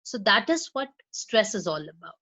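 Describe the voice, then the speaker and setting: A woman's voice: medium pitch, sing-song, pushed and bright, lo-fi sound. Woman teacher, Indian English accent, recorded lecture, lots of fillers, repeats words, stresses syllables on purpose. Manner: explains slowly with frequent fillers and repeated words; models pronunciation with deliberate stress. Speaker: law college English teacher.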